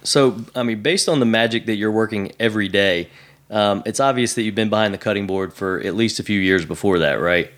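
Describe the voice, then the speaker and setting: A man with a fairly low voice hosts a casual podcast interview. He keeps the talk moving with short questions and quick, encouraging remarks. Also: a bit bright. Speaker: podcast host.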